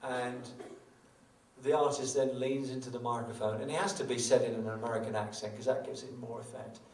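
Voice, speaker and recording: A man's voice: medium pitch, fairly even intonation, a little fast, darkish tone, distant mic, a little hiss or hum. A middle-aged man, a guitarist, chatting wryly between songs at a live show, telling self-mocking stories. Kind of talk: on-stage patter between songs. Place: small concert venue on stage. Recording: echoey venue from afar with guitar.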